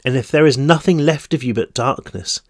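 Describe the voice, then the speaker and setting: A man's voice: mid-range voice, normal speed, no room sound, studio quality. A tired man, the author, reading his own novel aloud in first-person narration.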